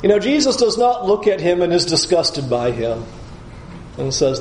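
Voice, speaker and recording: A male pastor preaching a sermon in a lively, animated way, often slipping into acted quotes. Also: sits high, moderate pace, roomy sound, slight background noise.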